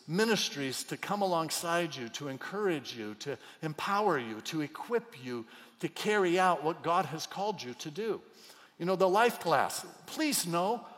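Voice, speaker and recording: Pastor guy preaching hard, goes from yelling to almost whispering, big echoey church sound. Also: fairly high pitch. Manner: impassioned preaching, swinging from loud cries to near whispers. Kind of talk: sermon. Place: church auditorium.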